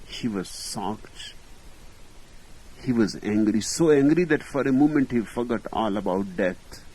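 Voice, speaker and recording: A man as a spiritual teacher telling a story in a slow, deliberate discourse with long pauses. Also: fairly low pitch, expressive, mellow, husky, rough recording.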